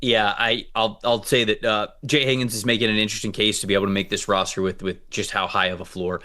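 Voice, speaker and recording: A man co-hosting a football show, reading out player grades and stats in a casual, animated way. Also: fairly low pitch, fast. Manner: reads out stats, animated and joking. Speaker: co-host, football analyst. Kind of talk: casual sports analysis chat.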